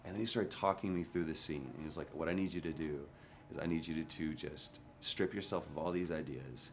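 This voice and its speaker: Very deep-voiced male actor reminiscing. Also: a little fast, vocal fry, noisy background. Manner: frank, drops to a hush at times. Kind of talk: candid interview recollection. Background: music.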